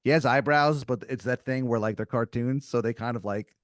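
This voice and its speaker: A man's voice: mid-range voice, brisk, no echo, clean studio sound. A man improvising a story as game master on a comedy podcast, rambling with lots of fillers.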